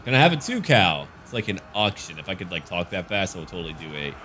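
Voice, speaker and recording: A man's voice: low-pitched, big pitch swings, fast, pushed and bright, slight background noise. Goofy man joking over a game. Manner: goofy, jokey, slips into silly voices. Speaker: gaming YouTuber. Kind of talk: casual gameplay commentary.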